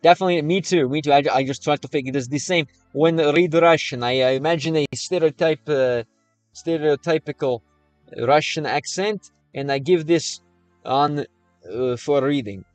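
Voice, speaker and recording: A man's voice: fairly high pitch, moderate pace, smooth, no room sound, soft background music. An American man livestreaming and chatting casually with viewers, reading their questions aloud. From United States.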